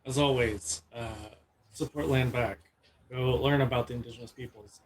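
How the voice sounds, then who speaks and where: A man's voice: medium pitch, steady tone, normal speed, a little hiss or hum. A man running a streamed tabletop game as game master, talking in an earnest, loose way.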